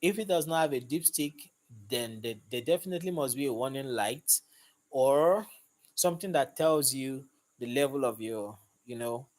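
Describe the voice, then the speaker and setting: A man, a mechanic hosting a casual live stream, upbeat as he greets and thanks viewers, recorded on a phone he holds in his hand. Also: mid-range voice. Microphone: phone held in hand.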